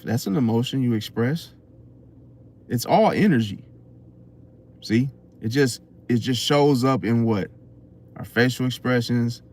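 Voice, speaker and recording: A man hosting an astrology channel, giving an unscripted motivational talk full of rhetorical questions and repeated "see?". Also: medium pitch. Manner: preachy, rhetorical questions, keeps saying "see?".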